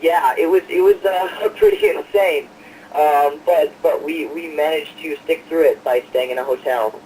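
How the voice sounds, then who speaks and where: A man's voice: a little high, moderate pace, distant mic, background noise. A man calling in as a guest singer, talking easygoing and rambling with fillers. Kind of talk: casual interview over the phone.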